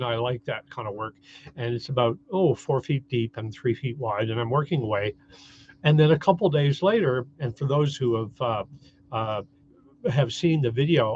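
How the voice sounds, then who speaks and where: A man's voice: medium pitch, dull audio, a little hiss or hum. A Canadian man giving a cheerful, rambling vlog update, full of fillers and restarts. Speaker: vlogger.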